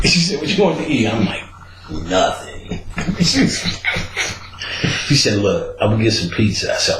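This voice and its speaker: A man hosting a podcast, telling a story in a casual, animated way and acting out the quotes. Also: unhurried, roomy sound, slight background noise, rough recording. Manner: animated, acts out quotes with big pitch jumps and laughter.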